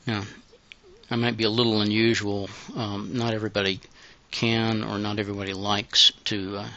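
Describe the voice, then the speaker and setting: Man, flat and bright, breathy halting guide voice, lo-fi. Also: on the low side. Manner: breathy, halting, unhurried delivery. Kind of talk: intimate guided audio instruction. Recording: dull lo-fi recording.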